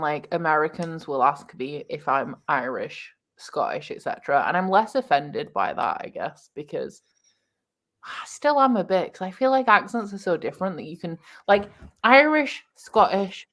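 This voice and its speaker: A booktube host from Lancashire, England, with a Northern English accent, chats loosely during a casual reading livestream. Her slightly low, fairly bright voice swings widely in pitch as she giggles often, rambles between topics, and fills pauses with "um" and "like."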